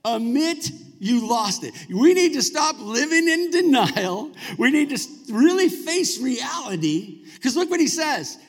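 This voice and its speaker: A man's voice: extremely high pitch, sing-song, measured pace, hardly any pauses. A male pastor preaching a sermon in a church, talking conversationally and prompting the congregation to answer back. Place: church sanctuary. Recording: long reverb of a large hall.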